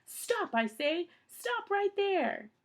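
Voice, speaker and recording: A woman voicing a stern, fussy man who lectures firmly and shouts orders while she reads a storybook aloud. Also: mid-range voice, animated, normal speed. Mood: shouting.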